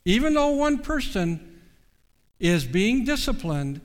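Preacher, male, earnest and measured, fairly high-pitched, long hall reverb. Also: sing-song. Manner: measured and earnest, with slow stressed pauses. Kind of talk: sermon.

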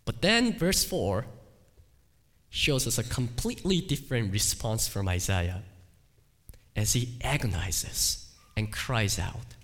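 A male pastor preaching a sermon in an emphatic, deliberate way, with dramatic dips and swells. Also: on the low side, big pitch swings, fairly bright tone. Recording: long hall reverb.

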